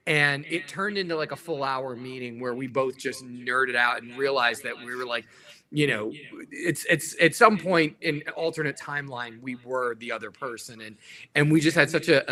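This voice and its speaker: A man who is a guest on a podcast, a TV executive and voice actor, telling stories in casual chat, animated and often laughing. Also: medium pitch, moderate pace.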